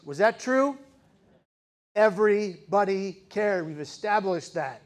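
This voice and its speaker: A man with a high voice delivers a speech to a live audience, telling a gripping personal story. His delivery is dramatic, rising to intense peaks and then dropping to hushed, slow emphasis. He often turns to the crowd with rhetorical questions. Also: lively intonation. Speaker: keynote speaker.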